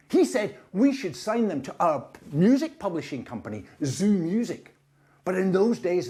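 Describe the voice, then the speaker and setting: A man's voice: high voice, darkish tone. A man with a Scottish accent telling a first-person story in a wry, dry way. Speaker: narrator, music publisher.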